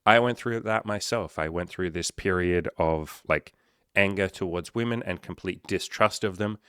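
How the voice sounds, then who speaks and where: A man's voice: low-pitched, normal speed, a bit bright, smooth, no room sound, clean studio sound. A man coaching listeners in a casual solo podcast, loose and joking with frequent swearing and rambling asides.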